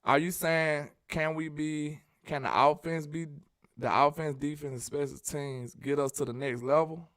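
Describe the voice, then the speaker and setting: A man from Alabama, hosting a casual sports live stream, reading viewer messages and joking in a sing-song, animated way. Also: fairly high pitch, a little slow, dry recording, clean studio sound.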